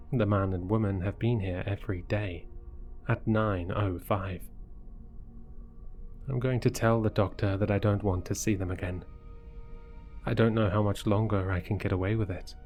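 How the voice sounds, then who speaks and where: A man with a fairly low voice reads a horror story in a slow, measured way, taking his time over every line. Faint music plays softly behind him. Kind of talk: scripted horror narration.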